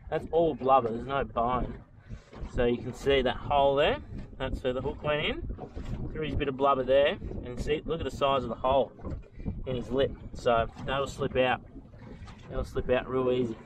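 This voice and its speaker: A man giving chatty, excitable commentary as he fishes from a small boat, talking to the fish and to his viewers. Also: medium pitch. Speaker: fishing vlogger. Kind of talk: casual commentary while fishing. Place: outdoors on a small boat on the water. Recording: outdoor boat and water noise.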